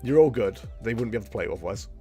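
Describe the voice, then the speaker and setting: A man's voice: fairly low pitch, lively intonation, very fast, mellow, slightly rough, soft background music. A man at home streaming a card game, chatting casually in a rambling, self-mocking way. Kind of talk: casual live-stream commentary.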